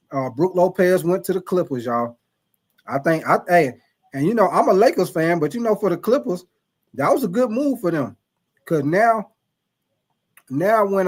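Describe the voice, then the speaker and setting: A man with a somewhat high voice hosts a laid-back live stream, answering viewers one by one. His talk is loose and conversational, full of restarts and stumbles over names. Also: husky. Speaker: live stream host reading chat. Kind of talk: casual live stream chat.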